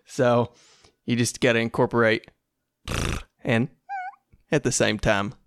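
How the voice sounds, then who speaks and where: A man's voice: mid-range voice, clean tone. A man hosting a casual solo podcast in a laid-back, rambling, self-amused way. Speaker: podcast host.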